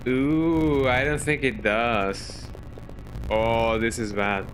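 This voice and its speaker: A man streaming a video game live, talking to himself in a worried, halting way and yawning now and then. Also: medium pitch, fairly even intonation, faint music behind. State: sleepy, yawning. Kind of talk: casual live gameplay commentary.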